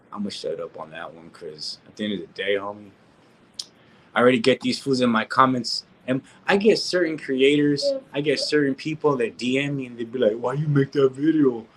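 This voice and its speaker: A man's voice: mid-range voice, normal speed, a little hiss or hum, poor audio. Slangy man ranting live. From California. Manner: slangy, repetitive, full of restarts and "homie, dog" asides. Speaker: reaction streamer. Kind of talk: casual live-stream rant.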